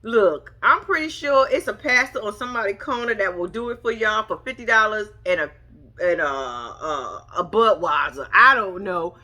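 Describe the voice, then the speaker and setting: Sassy, lively woman recapping reality TV. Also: mid-range voice, normal speed. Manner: sassy, animated, mocking imitations. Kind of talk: casual recap commentary.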